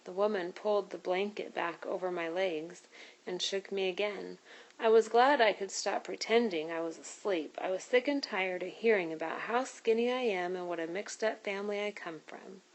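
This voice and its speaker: A woman reading a children's novel aloud, telling the story in a steady, clear way. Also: medium pitch, moderate pace, poor audio. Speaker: reader.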